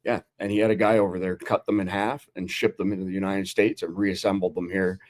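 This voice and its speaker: A man with a very low, deep voice hosts a casual talk-show discussion. He lays out his points steadily and plainly. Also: flat delivery, fast.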